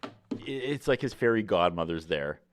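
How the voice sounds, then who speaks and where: Man, low voice, lively pitch, podcast co-host, rambling casual chat. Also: moderate pace. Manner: rambling, full of filler likes.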